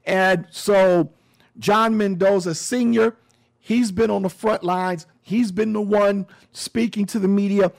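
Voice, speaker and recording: A man's voice: high-pitched, fairly even intonation, takes it slowly, vocal fry. A man giving a casual commentary monologue, sarcastic and emphatic, often repeating his phrases.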